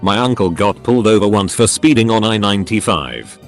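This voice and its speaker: Man reading scripted story narration with a lowish voice that swings widely in pitch, lively storytelling delivery, faint music playing underneath. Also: fairly quick.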